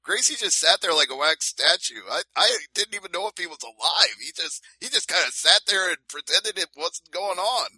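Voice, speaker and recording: A man's voice: high-pitched, expressive, normal speed, hardly any pauses, bright, forceful tone, breathy edge, dry recording, low-quality recording. A man co-hosting a casual fight-sports podcast, laying out events step by step with emphasis. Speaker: podcast co-host. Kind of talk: casual MMA talk.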